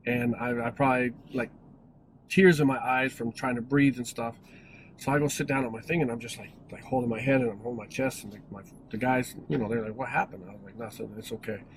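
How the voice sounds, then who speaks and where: A man's voice: mid-range voice, fairly even intonation, a little fast, a little hiss or hum, poor audio. A man in his forties telling a personal story in a casual, rambling way, with many restarts and self-corrections. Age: 40s. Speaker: vlogger.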